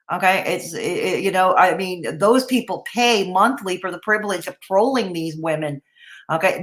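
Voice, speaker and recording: A woman's voice: lowish voice, a bit bright. Chatty woman livestream host. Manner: chatty, greets chat viewers by name; blunt, opinionated asides. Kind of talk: casual livestream commentary.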